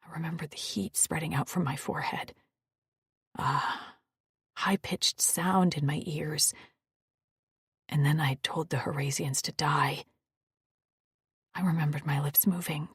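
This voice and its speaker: A woman narrating a first-person romance audiobook in an emotional, breathy, intimate way. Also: fairly low pitch, a little slow, long pauses, no room sound, studio quality.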